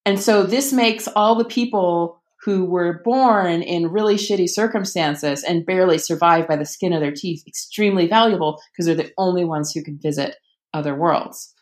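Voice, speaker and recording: A woman author chats casually about what she is reading. Her voice sits a little low, and she fills the gaps with ums while acting out quotes with animation. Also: normal speed. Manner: chatty, many fillers, animated quoting. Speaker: author guest. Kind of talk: casual podcast conversation.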